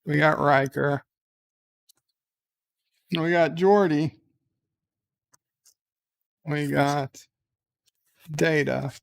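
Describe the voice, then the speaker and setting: A man's voice: a little high, fairly even intonation, drawn-out words, gravelly, pauses often. A man chatting casually as the streamer, rambling and hesitant with many fillers. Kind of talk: casual chat.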